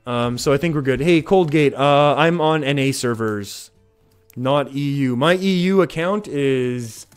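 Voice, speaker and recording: Excitable man streaming a card game. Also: medium pitch, a little slow, clear, resonant tone. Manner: chatty, reads chat aloud, excitable. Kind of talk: casual game commentary. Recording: faint music behind.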